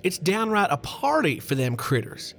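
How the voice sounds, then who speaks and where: A man voicing a smug, gruff old farmer. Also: sits high, sing-song, normal speed, a bit bright, a little hiss or hum, pitched above the performer's own voice. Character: gruff rural male farmer, smug and mean.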